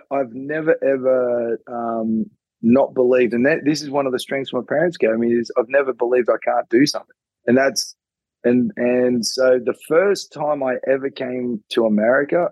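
A man's voice: mid-range voice, darkish tone, slightly rough, dry recording, muffled recording. A middle-aged man with an Australian accent, a former rugby player chatting casually as a guest and often calling people mate. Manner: laid-back, joking, says mate often. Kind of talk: casual interview chat.

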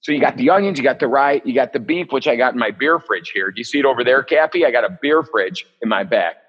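A man runs a live cooking demonstration as the chef, with a mid-pitched voice. He chats casually, cracks jokes and wanders into rambling asides. The recording sounds a little muffled and dull. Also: expressive, fast, breathy edge. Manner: joking, chatty, rambling asides. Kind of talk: live online cooking demo.

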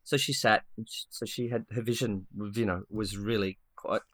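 A man co-hosting a podcast, telling a story in a lively, casual way with many restarts and acted-out quotes. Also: on the low side, moderate pace, no echo, studio quality. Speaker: podcast co-host.

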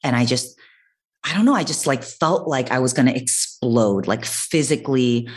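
Young woman, very low voice, husky, lively delivery, casual storytelling. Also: normal speed. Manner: expressive, animated, swearing and laughing. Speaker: podcast guest.

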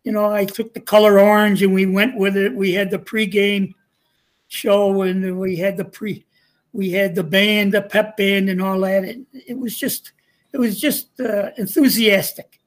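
A man's voice: high voice, level tone, measured pace. Older male guest, retired coach, folksy storyteller, chuckles often. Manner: folksy, chuckling anecdotes with quoted dialogue. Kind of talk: casual storytelling.

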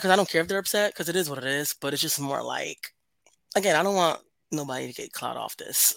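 A woman's voice: low-pitched, expressive, racing, gravelly, sharp tone, no echo. A woman and mother, a podcast guest, chatting casually, laughing often and swearing freely. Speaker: podcast guest, host of her own podcast. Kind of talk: casual chat.

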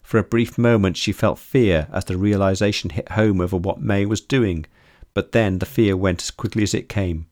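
A man reading a story aloud in steady, measured scripted narration. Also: deep voice, dry recording, clean studio sound. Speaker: audiobook narrator.

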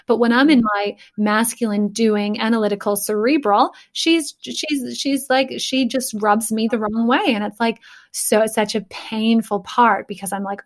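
A woman's voice: fairly high pitch, steady tone, normal speed. A woman speaking earnestly and emotionally in a casual podcast conversation, thinking aloud with many fillers.

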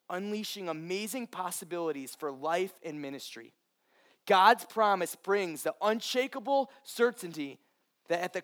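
A man's voice: fairly high pitch, a bit bright. A man preaching a sermon as pastor, passionate and earnest, addressing listeners directly.

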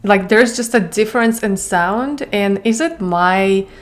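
A woman's voice: mid-range voice, a little slow. A woman podcast host with a Russian accent, a non-native English speaker asking earnest questions and searching for words. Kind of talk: interview questions.

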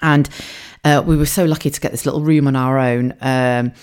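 A woman's voice: very deep voice, fairly even intonation, normal speed, darkish tone, clean tone. A woman in her forties hosting a solo podcast, telling stories in a chatty, earthy way. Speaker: podcast host. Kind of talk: casual solo podcast storytelling.

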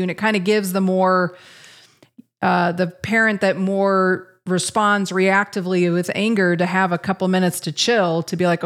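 A woman's voice: lowish voice, flat delivery, normal speed. A middle-aged woman co-hosting a podcast, talking candidly in a casual way and laughing at herself now and then. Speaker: podcast co-host, parent.

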